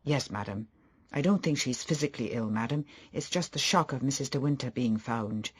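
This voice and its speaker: A man's voice: mid-range voice, moderate pace, husky, lightly acted. A man voicing an old, devoted butler in an audiobook, polite and deferential. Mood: respectful.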